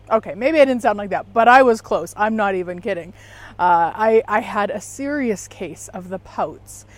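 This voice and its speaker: A woman telling a story in a chatty, animated vlog from outdoors in a backyard, laughing at herself as she goes. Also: medium pitch, moderate pace. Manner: chatty, animated, self-mocking. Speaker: facilitator and show host.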